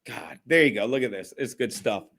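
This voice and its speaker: A man's voice: mid-range voice, a little fast, vocal fry, a bit bright. A man hosting a casual solo livestream, rambling, swearing a lot and laughing often. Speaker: livestream host.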